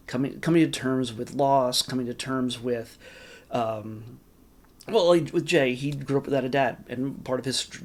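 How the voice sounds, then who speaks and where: A man casually reviewing a movie for his channel, rambling with lots of fillers, restarts and caveats. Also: medium pitch. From California. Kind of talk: casual spoken film review.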